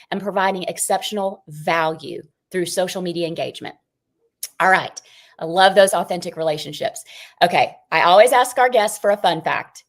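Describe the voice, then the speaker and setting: A woman hosting a podcast interview, introducing her guest in an enthusiastic, chatty way. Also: mid-range voice. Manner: enthusiastic, chatty, frequent "I love it". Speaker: podcast host.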